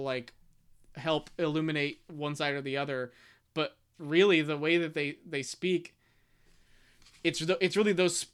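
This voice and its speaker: Casual male co-host, bright and crisp, halting delivery with lots of fillers. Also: fairly high pitch. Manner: hesitant, many restarts and fillers, reads passages aloud. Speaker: podcast co-host discussing a book. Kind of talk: casual chat.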